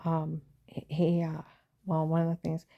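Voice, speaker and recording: A woman's voice: sits low, monotone, measured pace, gravelly, lo-fi sound. A woman telling her own story in a rambling personal account, agitated and jumping between events while quoting others.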